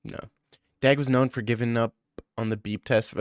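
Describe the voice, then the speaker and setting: Smooth-voiced joking young man streamer. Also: mid-range voice, fairly even intonation, normal speed, dry recording, clean studio sound. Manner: joking, teasing, bantering with chat. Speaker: streamer reading chat. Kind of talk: casual livestream chat.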